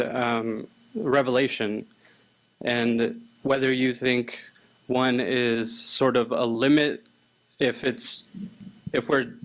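A man's voice: mid-range voice, rough recording. A man from the audience asking a question, hesitating and searching for words.

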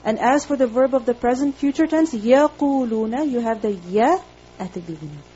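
A woman's voice: fairly high pitch, expressive, fast talker, warm tone, muffled recording, a little hiss or hum. A woman teaching a classroom grammar lesson, patient and reassuring, checking in with her students with a frequent "okay?".

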